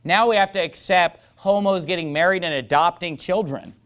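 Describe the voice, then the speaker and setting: A man's voice: high voice, moderate pace, a bit bright. A male pastor preaching a sermon in an emphatic, mocking style that builds to rising fervor.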